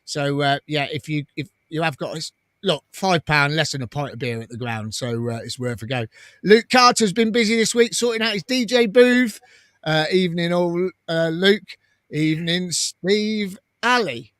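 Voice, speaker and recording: A man's voice: on the high side, normal speed, a bit bright, no room sound. A man hosting a casual live fan stream, reading viewer comments aloud in a chatty way and laughing often. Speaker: fan channel host.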